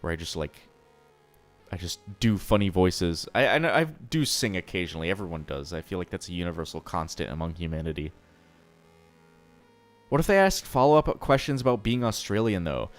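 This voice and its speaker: A man's voice: low-pitched, lively intonation, a little fast, faint music behind. A man streaming live, chatting casually and answering chat, rambling and swearing freely.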